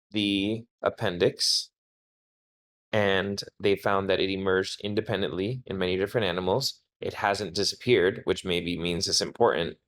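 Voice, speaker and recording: A man's voice: lowish voice, fairly bright tone. A man working as an SAT tutor, talking through test questions step by step in a test prep walkthrough. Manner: explanatory, talks through reasoning step by step.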